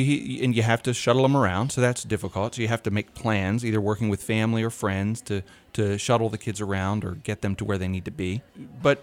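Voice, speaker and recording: A man co-hosting a podcast, telling lively stories in casual chat and laughing often. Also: lowish voice. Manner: animated storyteller, laughs often. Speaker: podcast co-host.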